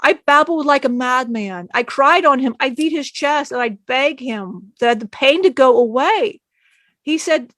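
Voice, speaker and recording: A woman's voice: high voice, normal speed, fairly bright tone, dry recording. A woman channeling a spirit, telling an emotional personal story in a rambling way, often acting out what others said and laughing.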